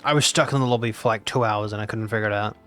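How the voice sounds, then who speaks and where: A man's voice: on the low side, steady tone, very fast, a bit bright, faint music behind. A nineteen-year-old man, chatting casually and teasingly as a game streamer reacting to his chat. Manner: playful and teasing, repeats himself.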